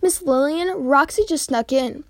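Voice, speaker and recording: A smirking tattletale schoolgirl, read out by a woman in a high voice, in a homemade storybook reading. The sound is close and dry. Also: measured pace, dry recording. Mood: smug.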